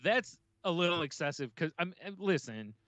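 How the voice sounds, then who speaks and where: A man's voice: fairly high pitch, animated, moderate pace, a bit bright, dry recording. A man co-hosting a casual podcast, chatting in a laid-back, joking way and swearing now and then. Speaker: podcast co-host. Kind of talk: casual chat.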